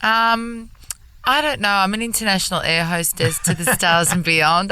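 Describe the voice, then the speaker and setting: An Australian woman with a bright, crisp voice chats as a guest on a radio show. Her manner is camp and playful, and she laughs easily. The sound is dry, close and clean. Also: mid-range voice, moderate pace, dry recording. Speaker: comedian guest. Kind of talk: casual interview chat.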